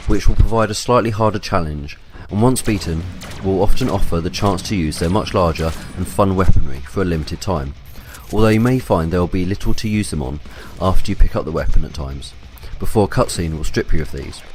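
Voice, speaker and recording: Deep-voiced man reviewing a game. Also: a little fast, hardly any pauses, a little hiss or hum. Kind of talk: scripted review voice-over.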